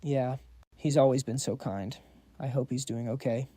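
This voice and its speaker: A man's voice: mid-range voice, fairly even intonation, normal speed, mellow, breathy edge, no room sound, natural voice. A man voicing an emotional young woman, a devoted daughter in a recap story. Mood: gentle.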